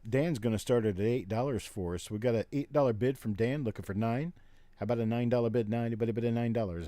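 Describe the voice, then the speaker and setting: A man hosting a live coin auction, calling bids in rapid, repetitive runs and joking between lots. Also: fairly low pitch, darkish tone, no room sound. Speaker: auctioneer and show host.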